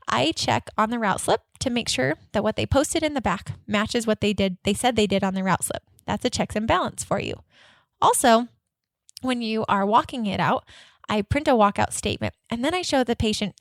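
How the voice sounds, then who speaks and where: An energetic woman coaching dental office staff on a podcast, acting out both sides of patient conversations in a lively, upbeat manner. Her voice sits a little high for a woman. The recording is dry and close, with no room sound. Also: fairly quick, vocal fry, dry recording. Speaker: dental practice consultant and podcast host. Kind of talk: instructional podcast with role-played office dialogue.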